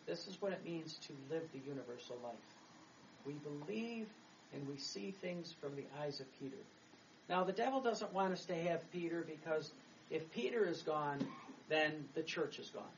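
A middle-aged man, a Catholic priest, giving a chatty homily that rambles, with laughs and restarts. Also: a little high. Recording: distant mic, dull sound, faint background noise.

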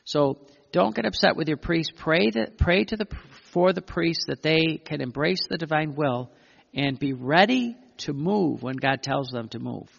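Man, preacher, gravelly, slightly high voice, emphatic sermon delivery, dull lo-fi sound. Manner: emphatic, with frequent pauses and self-corrections. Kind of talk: sermon reading and commenting on religious writings. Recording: dull lo-fi recording with long hall reverb.

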